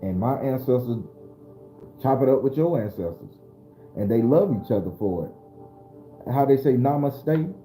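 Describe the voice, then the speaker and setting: A man's voice: mid-range voice, animated, moderate pace, pauses often, warm tone, echoey room, faint music behind. A man hosting a casual live-streamed spiritual talk, loose and preachy, speaking straight to his viewers. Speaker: spiritual livestream host.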